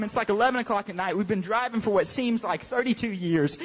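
A young adult man, a youth pastor, telling a lively story in a sermon and acting out the voices of the people in it. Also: sits high, fast. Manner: animated storyteller, acts out quoted voices. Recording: dull sound with long hall reverb.

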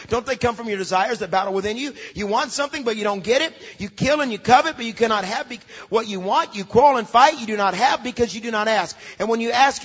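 A pastor preaching a sermon, moving from quiet storytelling to emphatic shouts. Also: male voice, extremely high pitch, breathy edge. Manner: emphatic preaching that swings from soft asides to shouts. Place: large church hall. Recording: dull lo-fi recording with long hall reverb.

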